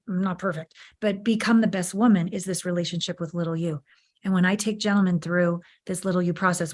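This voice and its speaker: A woman in her fifties, an intimacy coach speaking as a podcast guest, frank and emphatic, swearing freely as she tells her story. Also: mid-range voice. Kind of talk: candid podcast interview.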